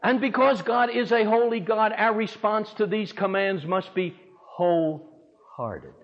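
A man's voice: high-pitched, a little slow. A man preaching a sermon dramatically, firing off rhetorical questions, in a dull, echoey church recording. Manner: dramatic, with rhetorical questions and big swings in loudness. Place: large church hall.

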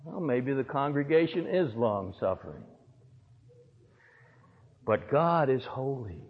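This sermon comes from a slightly rough, mid-range male voice with lively intonation, taking his time. He delivers it dramatically in a large church hall, loudness rising and falling sharply as he poses rhetorical questions, all captured in a dull, echoey recording.

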